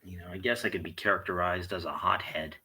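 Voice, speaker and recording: A man's voice: deep voice, steady tone, fast, bright, forceful tone, husky, poor audio. A man delivering a blunt, heated monologue full of swearing. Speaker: vlogger. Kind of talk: profane monologue rant.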